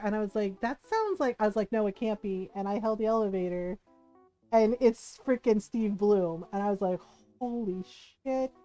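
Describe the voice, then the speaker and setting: Female streamer, high mellow voice, chatty and animated, soft music behind. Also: low-quality recording. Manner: animated, laughs often, acts out quotes. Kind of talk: casual storytelling while gaming.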